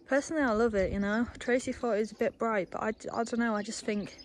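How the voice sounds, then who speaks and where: A woman's voice: fairly high pitch, fairly even intonation, quick pace. A young woman, casually chatting as she gives a walking tour of a horse yard. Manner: chatty, rambling, coos at the animals. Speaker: stable staff member giving a tour.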